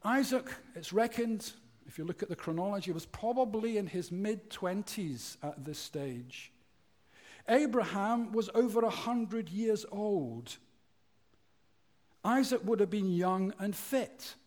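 Male preacher, animated delivery, slightly high, drops to a hush at key words. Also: measured pace. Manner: lively, falls low and quiet at phrase ends; tells a joke story acting out voices. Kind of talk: sermon.

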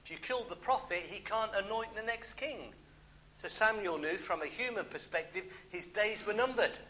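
Bright-voiced British preacher. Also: male voice, high voice, moderate pace, slight background noise, rough recording. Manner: emphatic, repeats key phrases, homely asides. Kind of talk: sermon.

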